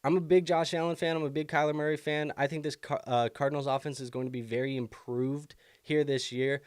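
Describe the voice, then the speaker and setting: A young man with a fairly high, flat voice talks fairly quickly in a clear, resonant tone with no echo. Hosting a live fantasy football stream, he answers viewer questions casually, thinking aloud with plenty of fillers, and keeps getting interrupted by the hiccups.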